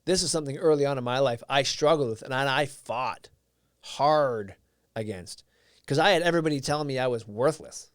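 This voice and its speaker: A man's voice: mid-range voice, normal speed, clean tone, no room sound, clean studio sound. A man whose first language is Portuguese, hosting a live stream and giving an earnest, reflective motivational talk while answering viewers' comments.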